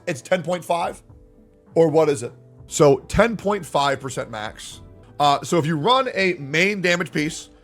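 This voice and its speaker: Reacting to viewers on a live stream, this man argues with his chat and curses heavily as he talks back to them. His voice is a little high and a bit bright.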